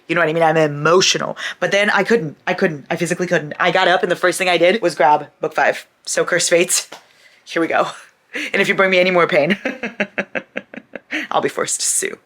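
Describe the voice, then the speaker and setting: A woman's voice: fairly low pitch, fairly bright tone. A young woman chats at home in a casual reading vlog, her voice raw and upset from crying. She rants with big emotion, swearing freely, swinging between exasperation and disbelief. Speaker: book vlogger.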